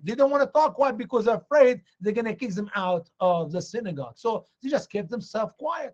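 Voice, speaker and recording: A man's voice: brisk, muffled recording. A man teaching from the Bible with great energy, acting out the people in the story in raised voices. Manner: excitable, acts out dialogue in high voices. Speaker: guest preacher. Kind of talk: animated evangelistic teaching.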